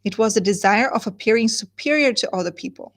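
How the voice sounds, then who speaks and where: A woman teaching literature, reading a novel aloud and stopping to comment, slowing down on words she wants to stress. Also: mid-range voice.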